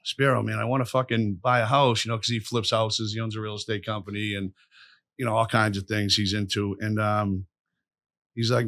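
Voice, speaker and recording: A man's voice: on the low side, brisk, dry recording, clean studio sound. A man telling rambling, profane stories as a podcast guest. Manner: profane, rambling, animated storyteller. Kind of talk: storytelling in a casual interview.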